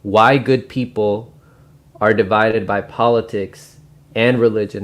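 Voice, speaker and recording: A man's voice: on the low side, fairly even intonation, normal speed. A man hosting his own channel, recommending and explaining a book in a loose, casual way with lots of fillers and restarts. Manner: rambling, many fillers and restarts. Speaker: book review host. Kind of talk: casual spoken book review.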